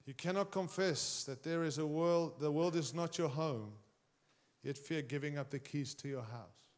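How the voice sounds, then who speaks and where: A man preaching a sermon, speaking emphatically and straight to his congregation, swinging his pitch and volume widely. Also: normal speed.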